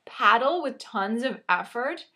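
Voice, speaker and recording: A woman's voice: a little high, expressive, unhurried, pushed and bright. A woman telling a personal story with dramatic, self-mocking exaggeration and some mild swearing. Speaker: storyteller sharing a personal anecdote.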